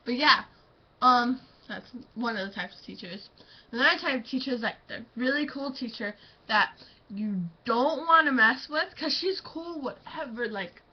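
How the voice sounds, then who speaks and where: A woman's voice: a little high, expressive, normal speed, slightly rough, dull audio. A teenage girl chatting about teachers to her camera, rambling with lots of fillers and breaking into giggles. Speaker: student vlogger. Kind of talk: casual storytelling.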